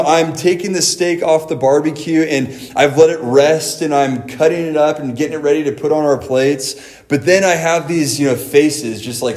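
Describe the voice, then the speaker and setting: A pastor in his thirties delivers a sermon in a slightly raised voice. He takes his time, setting out scripture passages between family anecdotes, and he speaks at a deliberate pace. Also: a little high, darkish tone. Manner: preaching with homely asides, quoting scripture.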